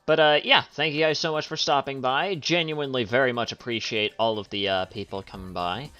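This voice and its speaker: A man's voice: medium pitch, fairly even intonation, a little fast, pushed and bright, smooth, muffled recording, soft background music. A young man streaming, reacting to a video in loose, profane chat with lots of fillers. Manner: loose and profane, laughs hard, many fillers. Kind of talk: casual live-stream commentary.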